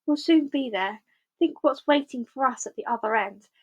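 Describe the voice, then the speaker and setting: A woman voicing a cheerful, clever male fox in a storybook reading, bright and lively. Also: high-pitched, moderate pace, highs cut off, voice pushed up. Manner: cheerful, sing-song.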